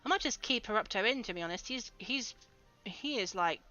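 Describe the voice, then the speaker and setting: A woman's fairly high, expressive, sharp voice moves briskly as she streams a game, laughing a lot and chatting with viewers. The recording is muffled, with soft music in the background.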